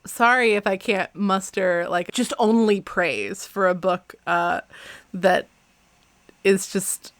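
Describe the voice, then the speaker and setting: A woman hosting a podcast in casual chat, laughing often and reading passages aloud in animated voices. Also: medium pitch, takes it slowly, no room sound. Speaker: podcast host.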